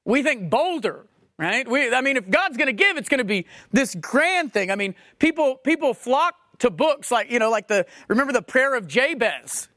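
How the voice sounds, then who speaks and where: A man's voice: very high voice, very animated, normal speed, sharp tone, no room sound, clean studio sound. A man preaching a sermon, emphatic and questioning, repeating phrases for stress. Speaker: pastor.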